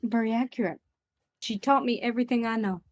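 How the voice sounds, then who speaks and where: A woman player speaking in character with a bright, lilting put-on accent. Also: a little high, fairly quick. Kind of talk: in-character tabletop role-play.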